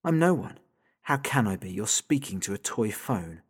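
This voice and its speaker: A sinister, hungry entity on a toy phone, as a male reader puts it on, dropping low and quiet to taunt. Its voice comes thin and tinny over the line, and it drags out every threat with slow, smug calm. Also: slightly rough. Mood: menacing. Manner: taunting, soft and slow, drawing out the listener's name. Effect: tinny and thin through a phone.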